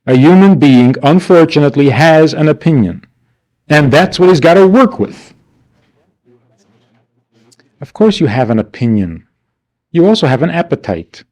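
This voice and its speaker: A man teaching a class as a rabbi, animated and rhetorical, acting out the people he quotes. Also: fairly high pitch, moderate pace, pauses often. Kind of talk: lively classroom lecture. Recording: archival 1992 class recording.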